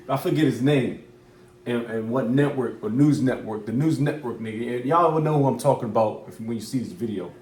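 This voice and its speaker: A man's voice: medium pitch, a little fast, a little mellow. Echoey, loose-talking man preaching. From United States. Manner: loose, repetitive, profane street talk. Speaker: religious commentator. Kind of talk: casual preaching commentary. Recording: echoey room.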